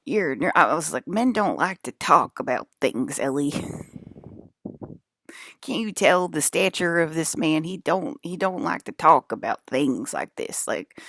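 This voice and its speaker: A woman's voice: low-pitched, normal speed, no echo, clean studio sound. A woman in a casual, rambling monologue, swearing freely and filling her speech with "like" and "um.". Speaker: vlogger.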